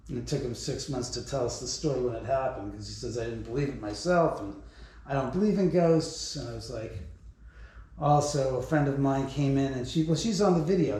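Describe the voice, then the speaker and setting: A man's voice: medium pitch, warm tone. Rambling, swearing man in an echoey bedroom. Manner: rambling, profane, chuckling between stories. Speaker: house owner giving a haunted tour. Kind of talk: casual storytelling. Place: bedroom of a large house. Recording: very echoey room.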